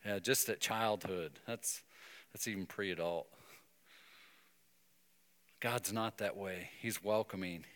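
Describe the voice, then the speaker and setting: A man preaching a sermon, telling a story and breaking into emphatic, animated bursts. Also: deep voice, slow pace, pauses often, in a large hall. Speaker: pastor.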